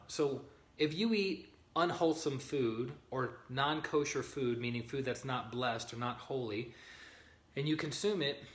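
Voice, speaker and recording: A man giving a live-streamed spiritual teaching, earnest and often checking in with his listeners. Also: medium pitch. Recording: roomy echo.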